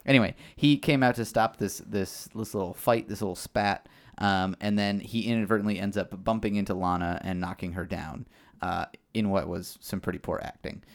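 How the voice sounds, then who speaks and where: A man's voice: on the low side, fairly even intonation, normal speed. A man co-hosting a casual chat, rambling with lots of fillers and restarts. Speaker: podcast co-host.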